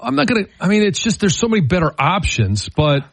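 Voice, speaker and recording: A man's voice: sits high, sing-song, quick pace, vocal fry, slightly rough, no echo. Easygoing man joking on morning radio. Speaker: radio show co-host. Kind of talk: casual radio banter.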